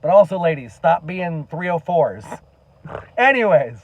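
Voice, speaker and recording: A man's voice: on the high side, sing-song, a little slow, no echo, muffled recording. A man giving an earnest, impassioned monologue to camera as a commentary vlogger, emphatic and swearing now and then.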